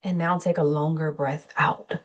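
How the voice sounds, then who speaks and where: A woman therapist with a low, gravelly voice gives a gentle wellness talk with guided breathing. She speaks slowly and soothingly. Her delivery is unscripted, and she corrects herself now and then. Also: highs cut off. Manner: slow, soothing, unscripted with small self-corrections. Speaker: therapist and channel host.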